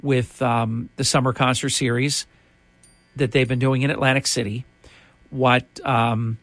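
A man's voice: medium pitch, level tone, unhurried, fairly bright tone, no echo. A male radio host giving a chatty, opinionated on-air monologue full of restarts.

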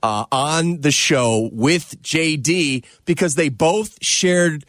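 A man's voice: a little high, takes it slowly, a bit bright, no room sound, clean studio sound. A man hosting a sports radio show, talking in a reflective, conversational way.

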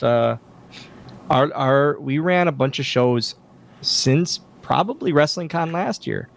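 A man guesting on a podcast, telling animated stories and acting out quoted lines in casual conversation. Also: mid-range voice, gravelly. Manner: animated anecdotes with acted-out quotes. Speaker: podcast guest, wrestler and wrestling school owner. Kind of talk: casual interview storytelling.

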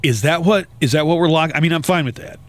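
A man hosting a morning radio show, chatting casually and telling stories with jumps in pitch. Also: fast, a little hiss or hum. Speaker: radio host.

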